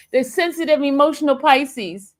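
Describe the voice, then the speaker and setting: A woman talking defensively to her livestream viewers, laughing often and addressing them as y'all. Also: high voice. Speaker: livestream host. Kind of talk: casual livestream chat.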